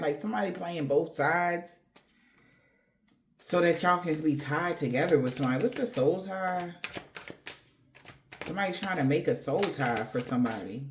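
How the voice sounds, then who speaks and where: A woman giving a casual tarot reading, rambling in slangy talk addressed straight to the viewer. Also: low-pitched. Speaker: tarot reader.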